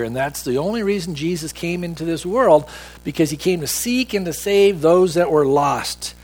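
A man with a high voice delivers a sermon as a pastor. He speaks with emphasis and slows down when he quotes scripture.

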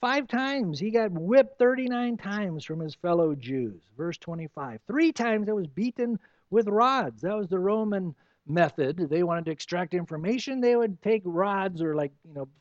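High-voiced preaching man, animated. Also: moderate pace, no echo, dull audio. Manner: expository preaching, animated with rhetorical questions. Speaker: pastor. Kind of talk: sermon.

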